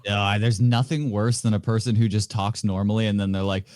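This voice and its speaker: A man's voice: fairly low pitch, steady tone, fairly quick, a little mellow, no echo, clean studio sound. A man guesting on a casual podcast, sarcastic and profane, mocking people who put on accents. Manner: sarcastic, swears often, mocks affected accents. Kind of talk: casual chat.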